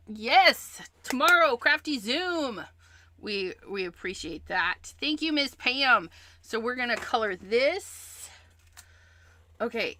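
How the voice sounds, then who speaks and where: A woman's voice: high voice, bright, forceful tone. A woman hosting a craft livestream, chatting casually as she explains each step she works on.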